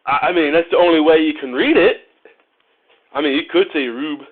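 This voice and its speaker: Speaking at a moderate pace with a fairly high pitch, a motorcycle vlogger from Ohio, USA, works on a bike's wiring while casually chatting with his live-stream audience. He jokes and laughs frequently, and the recording sounds narrow-band, like a phone call.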